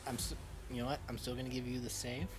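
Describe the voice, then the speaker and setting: A man running an online tabletop game as game master, narrating scenes in a halting way with frequent restarts. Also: mid-range voice, flat delivery, over music.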